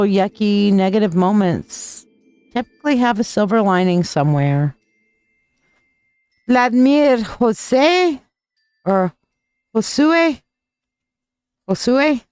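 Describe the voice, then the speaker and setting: A chatty woman gives tarot readings on a live stream. Her voice sits at an ordinary middle pitch and her talk is affectionate and loose. Soft music plays faintly behind her. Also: clear, resonant tone, dry recording. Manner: chatty and affectionate, calls viewers sweetheart; folksy, loose and rambling.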